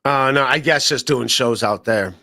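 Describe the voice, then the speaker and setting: A podcast host jokes around in casual comedic chat, full of rambling asides and fillers. His medium-pitched voice is creaky, pushed, and bright at a moderate pace, captured in studio quality with no echo.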